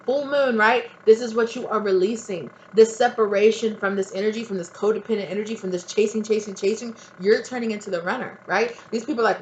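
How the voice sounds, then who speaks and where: In a rough recording with a little hiss or hum, a woman with a medium-pitched voice reads tarot fairly quickly, barely pausing. Her casual spiritual advice monologue is blunt and emphatic, laced with swearing and frequent "right?" aimed straight at the viewer.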